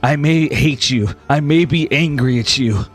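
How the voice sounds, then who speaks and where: A man's voice: fairly high pitch, unhurried, soft background music, close to an everyday voice. A man voicing a centuries-old male mentor who loved his student like a daughter, pleading and stern in broken phrases. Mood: stern grief.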